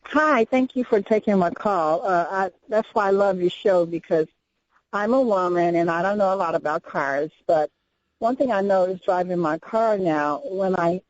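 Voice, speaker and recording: A woman's voice: mid-range voice, no room sound. A woman calling in to a radio show, polite and a little unsure, searching for words as she explains. Her voice comes over a dull, dry phone line. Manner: polite, uncertain, describes things haltingly. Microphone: telephone. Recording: muffled phone call on radio.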